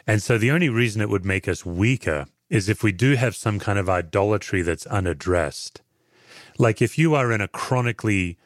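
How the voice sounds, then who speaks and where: An Australian man, a pastor and former chaplain, giving earnest, measured answers in an interview. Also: fairly low pitch, no echo, clean studio sound.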